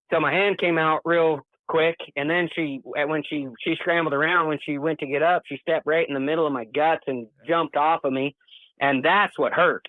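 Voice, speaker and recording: A man's voice: on the high side, dry recording. A man guest in a casual interview, recounting a story in an earnest, plain-spoken way. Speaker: podcast guest. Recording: thin phone-like dry sound.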